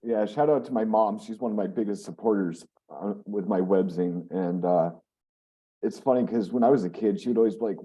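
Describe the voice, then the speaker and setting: A man hosting an interview, talking in a relaxed and teasing way. His voice sits a little low and sounds dark and mellow. The audio is muffled and lo-fi. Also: moderate pace. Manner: laid-back, joking, teasing. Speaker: webzine host. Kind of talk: casual interview chat.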